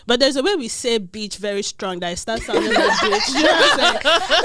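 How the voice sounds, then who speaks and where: A woman's voice: fairly high pitch, lively intonation, moderate pace, hardly any pauses, heavy background noise. A young woman from Nigeria, talking reflectively in a casual podcast chat. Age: young adult. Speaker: podcast participant.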